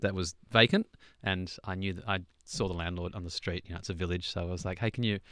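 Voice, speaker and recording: A young man talks in a rambling, easygoing way, his voice low-pitched and smooth. The sound is dry and close, with no room behind it. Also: steady tone, fast talker, sharp tone, no echo. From Australia. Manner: rambling, chatty, with laughs and restarts. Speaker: songwriter guest. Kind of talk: relaxed interview chat.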